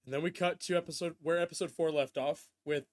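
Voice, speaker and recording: A man's voice: on the high side, fairly even intonation, fast talker. A man hosting a casual podcast, recapping a show with loose asides and frequent laughs. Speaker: podcast host. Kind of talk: casual chat.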